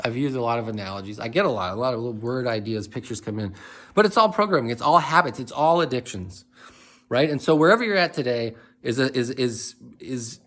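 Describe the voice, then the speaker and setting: A man speaking in a reflective, rambling monologue, asking many questions and laughing softly now and then. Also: medium pitch. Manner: rambling, questioning, with frequent restarts and soft laughs. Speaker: motivational speaker.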